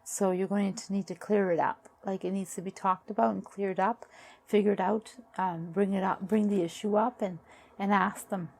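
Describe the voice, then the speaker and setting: A woman giving a casual tarot card reading who is losing her voice, musing aloud in halting, repetitive phrases. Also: mid-range voice, steady tone, gravelly, darkish tone. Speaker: tarot reader.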